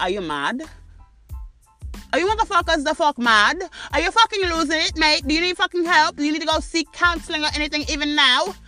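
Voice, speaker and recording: A woman's voice: high voice, sharp tone. A British woman hosting a podcast, ranting in foul-mouthed, indignant commentary full of rhetorical questions. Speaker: podcast host.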